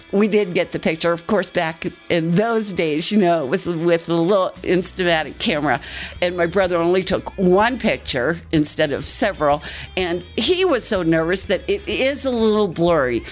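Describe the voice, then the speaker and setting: An older woman from Colorado telling a personal story in an animated way, acting out the quotes. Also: low-pitched. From Colorado, USA. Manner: lively, animated retelling with acted quotes. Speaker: storyteller guest.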